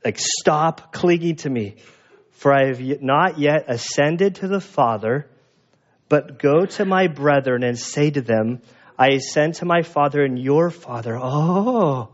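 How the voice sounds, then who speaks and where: Animated man preaching, dull lo-fi sound. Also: a little high, measured pace. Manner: animated, acts out voices of people in the story. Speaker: pastor. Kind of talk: sermon.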